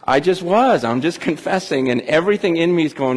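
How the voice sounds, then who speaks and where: Casting: high-pitched pastor, confessional and animated, preaching in a reverberant church hall. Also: male voice, a little fast, a little hiss or hum. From California. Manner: candid, confessional, animated with restarts. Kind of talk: sermon.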